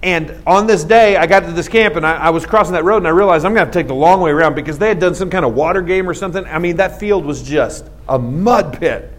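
Comic storyteller, male, high voice, lively and animated with put-on voices. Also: fast, few pauses. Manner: animated, acts out voices, laughs at own story. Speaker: comedian telling a story. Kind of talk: stand-up storytelling.

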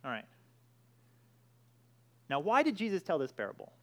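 A man's voice: a little high, huge pitch swings, normal speed, a bit bright. A man preaching a sermon, emphatic, with frequent restarts and repeated "all right".

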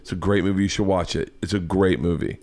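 A man hosting a casual interview podcast, joking and firing quick follow-up questions. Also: deep voice, steady tone, a little mellow. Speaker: podcast host.

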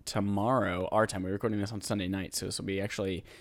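A man's voice: lowish voice, level tone, quick pace. Jokey male podcast host. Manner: jokey, playful, rambling. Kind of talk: casual gaming podcast chat.

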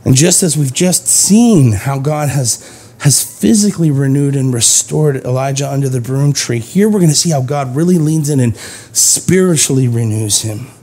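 A male preacher working through a scripture passage in a loose, conversational way. His voice is mellow and dark, with a husky edge. He slips into the lines of the story as he retells it. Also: medium pitch. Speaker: pastor. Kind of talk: sermon.

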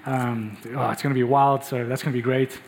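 A man's voice: mid-range voice, fairly even intonation, a little fast, a little mellow, slight background noise. A man preaching a passionate, emphatic sermon and speaking directly to his congregation in a church. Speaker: pastor.

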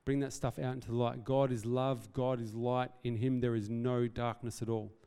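A man's voice: medium pitch, flat delivery, normal speed, warm tone, clean tone. A man preaching a sermon as pastor, earnest and conversational, with self-deprecating asides. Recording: reverberant hall.

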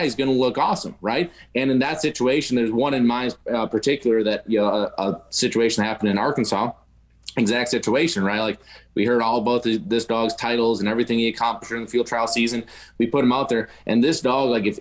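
A man talking casually as a dog-training guest on a podcast, rambling and often tagging "right?" and "you know" onto his sentences. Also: mid-range voice.

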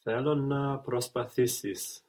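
A man's voice: medium pitch, steady tone, a little slow, darkish tone. A man learning a language, giving short, careful answers to his teacher's prompts.

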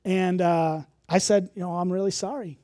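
Guy pastor preaching, chatty and self-deprecating, mellow voice, dry close sound. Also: high-pitched, fairly even intonation, normal speed, no echo. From Illinois. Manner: candid and conversational, with self-deprecating humor. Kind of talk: sermon.

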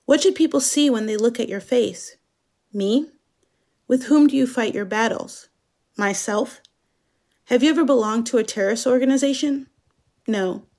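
A woman with a fairly high voice delivers a scripted dramatic monologue. She speaks slowly and in a measured, introspective way. She is from Germany. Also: darkish tone. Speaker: narrator.

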